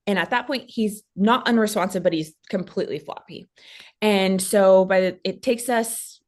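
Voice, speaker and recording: A young adult woman from Texas, a podcast guest telling a personal story in a casual, animated way and acting out what others said. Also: medium pitch, normal speed. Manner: animated, acts out quoted voices.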